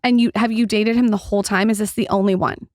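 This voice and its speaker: A woman's voice: mid-range voice, steady tone, fast talker, a little mellow, no room sound, studio quality. A woman hosting a podcast, asking curious, encouraging questions in a casual chat. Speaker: podcast host. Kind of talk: casual interview. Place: podcast studio.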